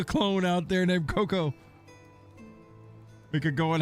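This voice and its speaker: A man's voice: high voice, steady tone, slow pace, pauses often. A young man streaming a game, casually telling rambling, profane stories about his dog. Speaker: gaming streamer. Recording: faint music behind.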